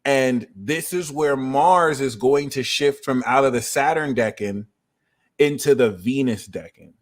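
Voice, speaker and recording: Man explaining astrology, energetic and chatty. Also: mid-range voice. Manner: energetic and conversational, with quick asides. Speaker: astrology livestream host. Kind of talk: explaining astrology transits to a live audience.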